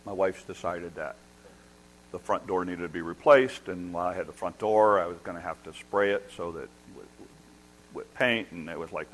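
A middle-aged man preaching a sermon as a pastor, telling a story with animated, self-deprecating humor and excited restarts. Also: low-pitched, normal speed, poor audio. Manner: restarts and repeats words when excited.

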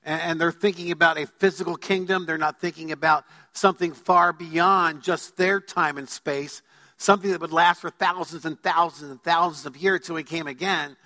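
A man's voice: a little high, fairly even intonation, normal speed, sharp tone. A man preaching a sermon as pastor, emphatic, putting questions to his congregation. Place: church sanctuary. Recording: long hall reverb.

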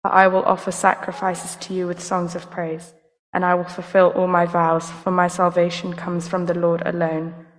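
A woman reading a scripture passage aloud in church, steady and even. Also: lowish voice, normal speed. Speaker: scripture reader. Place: church hall. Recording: long hall reverb.

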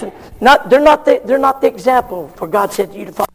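Male preacher, fervent sermon, high husky voice, long hall echo. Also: lively intonation, quick pace, a bit bright. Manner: fervent preaching with frequent call-and-response amens.

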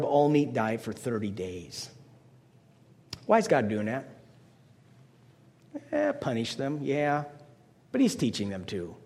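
A man's voice: on the high side, darkish tone, long reverb tail. An older man preaching a conversational sermon as pastor, playful, slipping into mock voices to make his points.

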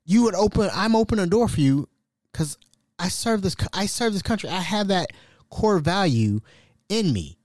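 A man hosting a podcast, telling a story in an animated, casual way and sometimes dropping to a whisper. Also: high voice, normal speed, dry recording. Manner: animated, drops to whispers when quoting himself. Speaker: podcast host.

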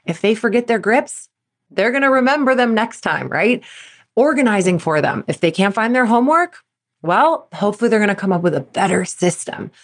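Medium-pitched, animated and brisk, a woman in her thirties hosts her own podcast as a performance coach. She levels with sports parents and performs quotes from her younger self.

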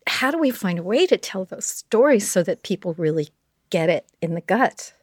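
A woman's voice: medium pitch, animated, moderate pace, dry recording, clean studio sound. A woman interviewer asking an earnest, heartfelt question. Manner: attentive, quiet backchannels, earnest questions.

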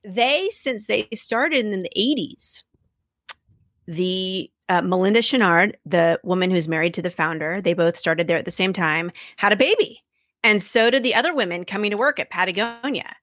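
A woman's voice: mid-range voice, normal speed, a bit bright, no echo, studio quality. A woman telling stories in a casual interview, enthusiastic, laughing often and acting out quotes. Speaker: podcast creator, guest.

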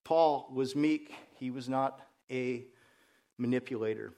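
A man's voice: medium pitch, unhurried, dark tone. A male pastor preaching a sermon, telling stories and jokes, his voice rising and dropping with the points he makes.

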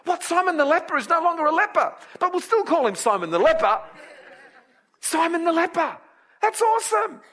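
A man preaching a sermon, telling a Bible story with lively acted-out voices and dropping to a quiet, low tone to explain scripture. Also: normal speed.

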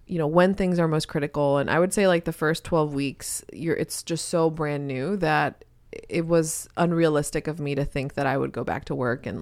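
A woman's voice: low voice, darkish tone, no room sound. A woman co-hosting a podcast, a new mother, talking candidly and animatedly in casual chat. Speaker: podcast co-host.

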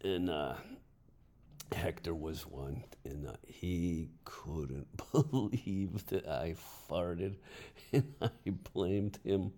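A man telling a funny story from his teaching days as a podcast host, in a lively and amused way. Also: deep voice, extremely slow. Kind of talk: storytelling narration.

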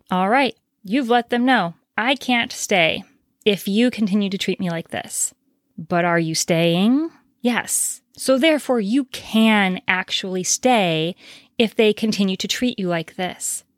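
A woman's voice: medium pitch, no echo, clean studio sound. A woman hosting a solo advice podcast, explaining her points directly and asking rhetorical questions. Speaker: podcast host.

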